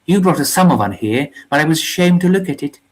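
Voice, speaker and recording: A reader voicing a hoarse, shaken male soldier who pours out a bitter, desperate rant about the war. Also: medium pitch, animated, fast talker, natural voice, poor audio. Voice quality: hoarse, quivering.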